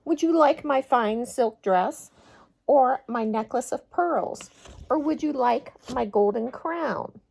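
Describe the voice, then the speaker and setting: Woman doing a pouty, girlish storybook princess with a lively, swooping voice. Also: high-pitched, takes it slowly, gravelly, voice pushed up, heavily acted. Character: young spoiled princess, pouty and impatient.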